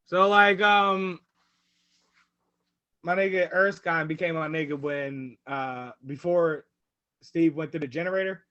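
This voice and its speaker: Male podcast co-host, high, bright tone, profane and animated storyteller. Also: unhurried, pauses often, clean tone, no echo, highs cut off. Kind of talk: casual chat.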